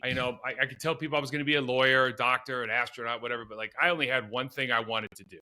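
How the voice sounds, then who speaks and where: A man's voice: mid-range voice, steady tone, very fast, pushed and bright. A middle-aged man, a former pro football player, telling long self-deprecating stories in a podcast interview, with many restarts and asides.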